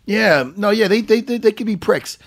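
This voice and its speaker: A man's voice: sits high, moderate pace, dry recording, clean studio sound. A middle-aged man co-hosting a podcast, rambling casually with lots of swearing and restarts. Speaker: podcast co-host.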